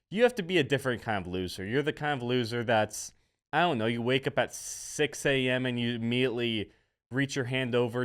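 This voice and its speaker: A young man hosting a comedy vlog, ranting in a rambling, mocking way and repeating his catchphrases. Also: medium pitch.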